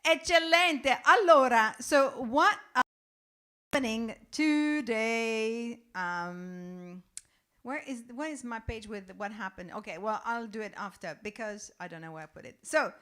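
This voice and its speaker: A woman's voice: medium pitch, animated, normal speed, bright, forceful tone. A woman co-hosting a casual livestream, playful and chatty, dropping Italian phrases and hesitating with ums as she recounts facts. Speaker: livestream co-host. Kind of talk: casual chat on a home livestream.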